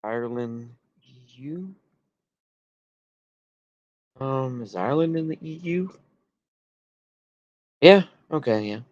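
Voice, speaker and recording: A man's voice: medium pitch, lively intonation, slow pace, pauses often, dull audio. Rambling Texan man, slightly drunk-sounding. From United States. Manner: loose, rambling, restarts and trails off. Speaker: streamer. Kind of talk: rambling livestream talk reacting to chat.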